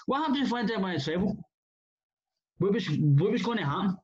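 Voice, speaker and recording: Scottish male host, casual football rant, blunt and rambling, a bit high-pitched, muffled recording. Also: animated, fairly quick. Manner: blunt, swearing, rambling restarts. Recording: muffled lo-fi audio.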